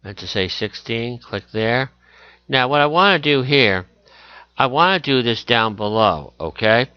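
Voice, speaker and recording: A man teaching a screen-recorded software tutorial, talking through each click as he goes and correcting himself along the way. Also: mid-range voice, lively intonation, a little slow, clean tone, no room sound, lo-fi sound.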